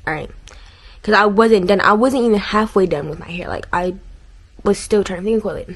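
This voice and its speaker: Speaking fairly quickly in a mid-range voice, a teen girl vents her frustrations in a casual, rambling home vlog packed with fillers. She films in her bedroom and bathroom on a camera mic, and the recording quality is low.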